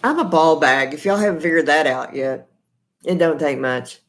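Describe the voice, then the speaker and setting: A woman's voice: low-pitched, expressive, moderate pace. A middle-aged Texan woman hosting a casual live stream from her kitchen table. She talks in a chatty, folksy, rambling way with lots of fillers, picked up by her laptop's microphone. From Texas. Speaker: livestream host. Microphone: laptop built-in mic.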